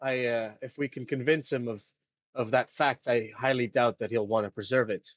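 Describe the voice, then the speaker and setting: A man's voice: medium pitch, steady tone, normal speed, no echo, lightly acted. A man playing an earnest, hesitant adventurer. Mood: persuasive. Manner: hesitant, many fillers. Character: earnest male adventurer, persuasive. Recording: dull dry lo-fi mic.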